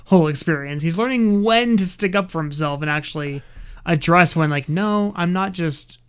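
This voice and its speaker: Podcast guy with a smooth clean voice, earnest opinions, lots of you knows. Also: on the high side, normal speed, fairly bright tone. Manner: opinionated, earnest, with frequent fillers. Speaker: podcast co-host. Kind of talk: casual recap chat.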